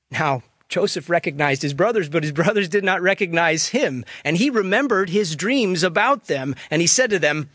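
A man preaching a sermon, retelling and reading scripture with measured storytelling and dramatic pauses. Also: on the high side, expressive, a bit bright, dry recording, studio quality.

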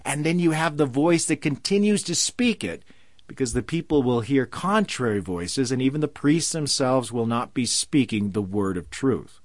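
A man preaching a sermon. He slows down and lifts his voice for emphasis when he quotes scripture. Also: medium pitch, lively intonation, no room sound, clean studio sound.

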